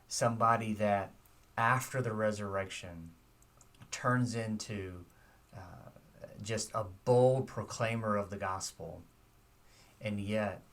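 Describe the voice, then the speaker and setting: A man's voice: on the low side, fairly bright tone, far from the mic. A man giving a short devotional sermon, earnest and reflective, putting direct questions to his listeners.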